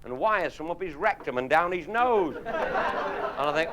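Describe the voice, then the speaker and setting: A man's voice: high voice, very animated, slow, pauses often, a loud crowd. A man telling earthy, swearing comic stories to a live audience. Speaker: after-dinner raconteur. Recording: noisy 1969 live recording. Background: audience laughter.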